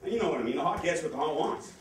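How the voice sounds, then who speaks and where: A nervous man doing a fast, profane stand-up comedy set on a club stage, with the audience laughing behind him. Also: a little high, distant mic, a little hiss or hum. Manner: fast, excitable, profane delivery. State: nervous, sweating. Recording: echoey club audio from afar.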